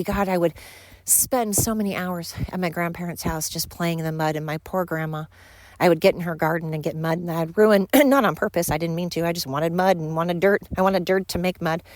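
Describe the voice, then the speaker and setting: A middle-aged woman hosts her own podcast and talks off the cuff. Her voice sits a little low for a woman, and the sound is dry, with no room echo. She rambles, speaks frankly, and swears easily as she walks outside with her dogs. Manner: rambling, candid and profane. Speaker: podcast host. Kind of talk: casual monologue. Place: outdoors walking with dogs.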